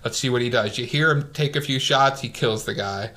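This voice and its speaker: A man's voice: medium pitch, brisk. Man animatedly retelling a movie. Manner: animated storyteller, acts out quotes. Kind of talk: casual movie recap chat.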